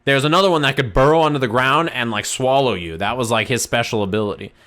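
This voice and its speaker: A man's voice: mid-range voice, quick pace. A man streaming, casually telling a rambling, profanity-laced story to his chat. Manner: animated, profane, rambling anecdote.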